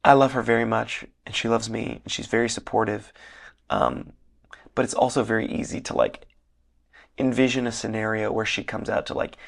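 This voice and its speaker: A young man talks on his own in a casual podcast, his voice worn and hoarse from shouting all weekend. He rambles earnestly, filling pauses with "um". His tone sits low and rough, with heavy vocal fry. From Northern Michigan. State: losing his voice, slightly hoarse. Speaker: podcast host. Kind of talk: casual solo podcast monologue. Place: hotel room.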